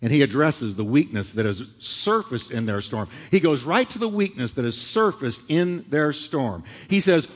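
A middle-aged male pastor preaching a sermon, swinging from loud, dramatic lines to hushed ones. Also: medium pitch, lively intonation, normal speed, few pauses. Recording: long hall reverb.

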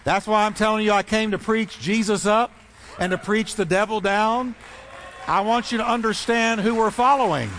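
A man's voice: high-pitched, steady tone, moderate pace, a bit bright, a little hiss or hum. A man preaching a sermon as pastor, fervent and rhythmic, building repeated phrases. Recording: long reverb in a large hall.

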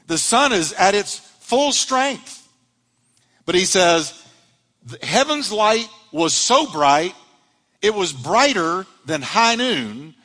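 Male pastor, fairly high voice, lively sermon delivery, long church-hall reverb. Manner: animated preaching, rising and dropping dramatically.

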